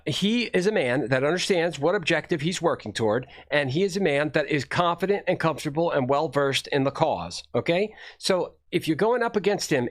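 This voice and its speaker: Male streamer, slightly high voice, blunt rambling talk, swears a lot. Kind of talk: casual commentary while watching videos.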